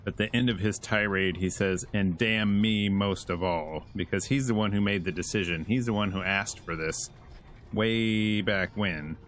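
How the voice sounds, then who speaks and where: Lively low-voiced man reviewing a comic. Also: moderate pace, slight background noise. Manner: animated, chuckles while retelling. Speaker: host. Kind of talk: casual comic book review.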